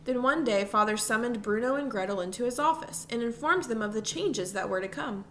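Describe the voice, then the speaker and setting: Brief woman narrator, storybook reading, fairly high voice, faint background hiss. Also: fairly quick, fairly bright tone. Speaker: audiobook reader.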